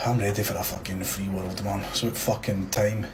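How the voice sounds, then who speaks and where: A man with a Scottish accent on a live show. He delivers an angry political rant, swearing heavily, loud and defiant. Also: on the low side. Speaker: guest or caller. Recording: noisy background.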